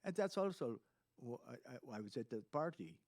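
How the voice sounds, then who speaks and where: Guy hosting a chat, rambles through stories, mid pitch. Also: sing-song, moderate pace, darkish tone. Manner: rambling anecdotal storyteller. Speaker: host. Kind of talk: casual chat.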